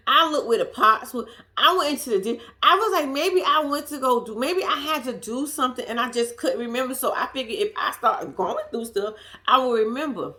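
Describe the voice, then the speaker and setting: A woman's voice: high voice, a little fast, pushed and bright. A woman vlogger telling a story to her viewers in casual chat, swearing freely and laughing at herself.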